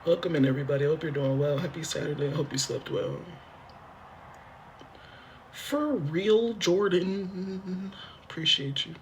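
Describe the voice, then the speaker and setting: The voice is fairly high, at a measured pace with frequent pauses and slight background noise. A man livestreaming by phone from a motel room talks straight to his viewers, half joking, rambling and repetitive, swearing freely while asking them for help.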